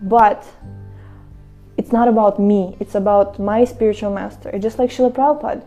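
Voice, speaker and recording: Lively woman from Russia giving a spiritual talk. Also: mid-range voice, moderate pace, soft background music. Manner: animated storytelling, acts out quoted voices. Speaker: devotional speaker. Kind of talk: casual spiritual talk to viewers. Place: Mayapur, India.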